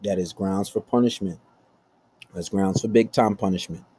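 A man's voice: low voice, normal speed, mellow, slightly rough. A man hosting a blunt relationship-advice rant, talking aggressively and swearing constantly. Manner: aggressive, blunt, heavy cursing. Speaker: host.

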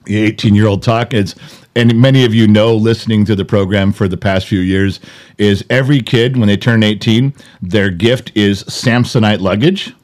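A man's voice: on the low side, normal speed, darkish tone. Blunt, joking middle-aged man. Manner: blunt, joking, a bit profane. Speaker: podcast co-host. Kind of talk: casual chat.

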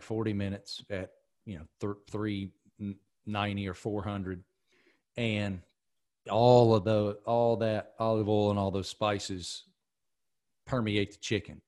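Man, low, animated storyteller. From American South. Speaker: podcast host. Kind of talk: casual chat.

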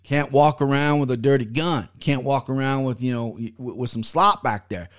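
A young man hosting a podcast, telling a story in casual, profane chat with sudden loud outbursts. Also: medium pitch, moderate pace. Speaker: podcast host.

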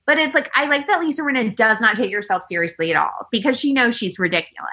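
A woman chatting casually, gossiping in an animated way with lots of "like" and playful impressions of people, in a high girlish voice. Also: fast. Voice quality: high girlish voice, self-described baby voice. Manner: gossipy, animated, heavy use of "like", imitates people. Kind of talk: casual chat.

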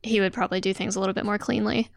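Gravelly-voiced woman podcast co-host. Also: mid-range voice, flat delivery. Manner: playful, teasing, quick to agree. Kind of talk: casual chat.

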